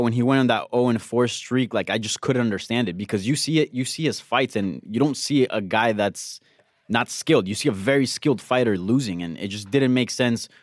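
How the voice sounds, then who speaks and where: A man co-hosting a sports talk show, relaxed and conversational. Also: mid-range voice, no room sound, clean studio sound. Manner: relaxed, conversational, some restarts. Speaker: co-host.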